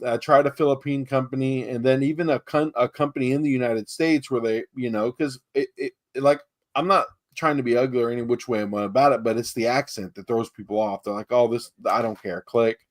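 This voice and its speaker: A man's voice: medium pitch, steady tone, brisk, hardly any pauses. Chatty storytelling man from texas. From San Antonio, Texas. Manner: rambling storyteller, acts out quoted dialogue, many fillers. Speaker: real estate investor. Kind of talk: casual podcast conversation.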